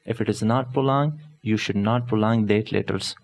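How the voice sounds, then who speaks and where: A man teaching an online lesson as a tutor, speaking patiently and deliberately, repeating each point in several ways and spelling out terms slowly. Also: lowish voice, gravelly, a little mellow. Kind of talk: explanatory lesson.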